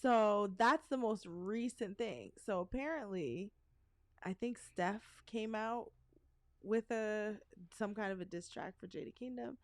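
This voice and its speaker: A woman's voice: medium pitch, lively intonation, a little slow, no room sound. A middle-aged woman co-hosting a podcast, telling stories in a chatty, rambling way with asides. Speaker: podcast co-host. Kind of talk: casual chat.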